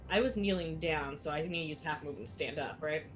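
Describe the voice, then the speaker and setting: Player, woman, lowish voice, chatty, talks rules through aloud, music behind. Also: quick pace. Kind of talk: casual tabletop play.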